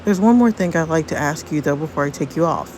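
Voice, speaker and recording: A woman voicing a gentle, doting teenage boy courting a girl. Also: sits low, animated, fast, slight background noise. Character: sweet romantic teenage boy suitor.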